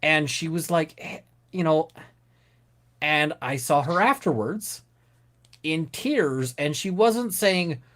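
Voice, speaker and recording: A man's voice: a little high, animated, takes it slowly, pauses often, fairly bright tone. A man co-hosting a casual live-stream chat, ranting and swearing a lot. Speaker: co-host.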